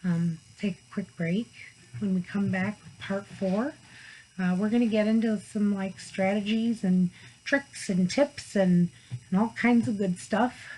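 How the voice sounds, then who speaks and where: Mellow-voiced woman, slightly hoarse. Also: medium pitch, unhurried, a little hiss or hum, low-quality recording. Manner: chatty and conversational, with frequent "like" and "you know". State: slightly hoarse, losing her voice. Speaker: parent coach presenting a training. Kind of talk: casual online training talk.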